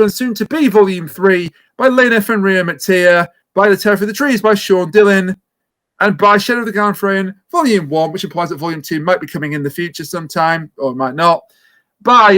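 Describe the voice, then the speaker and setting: A man's voice: sits high, a bit bright. A man hosting a podcast, chatting casually and rambling with dry jokes as he signs off. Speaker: podcast host. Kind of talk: casual chat, sign-off.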